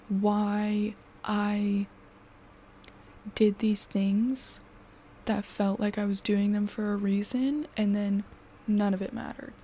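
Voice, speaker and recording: A vlogger in her twenties vents to her camera, frustrated, exhausted, and swearing, often sinking into a breathy half-whisper. Her voice is medium-pitched and a little mellow, with slight background noise.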